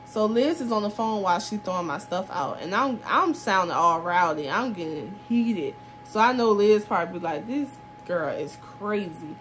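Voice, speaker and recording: With a mid-range voice at normal speed and few pauses, the same twenty-something vlogger animatedly retells her story, performing each person's lines and breaking into laughter. A faint hiss or hum sits underneath.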